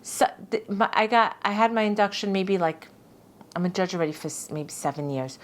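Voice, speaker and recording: A woman's voice: medium pitch, brisk. A middle-aged woman, a judge, telling stories in a casual interview, often repeating words and acting out what people said. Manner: lively, repeats words, acts out quotes. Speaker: judge and podcast guest.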